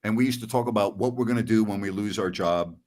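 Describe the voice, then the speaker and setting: A middle-aged man and sports radio host telling a story in casual podcast chat, animated and acting out voices. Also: fairly low pitch, fast.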